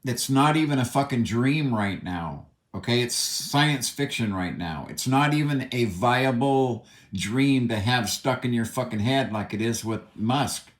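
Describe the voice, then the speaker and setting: A man's voice: medium pitch, expressive, unhurried, hardly any pauses. A man ranting in a solo commentary, angry and emphatic, swearing often. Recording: echoey room.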